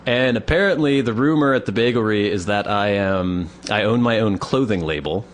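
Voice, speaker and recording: A man's voice: lowish voice, moderate pace. A man co-hosting a podcast, telling rambling, wry anecdotes in casual comedic chat. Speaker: podcast co-host.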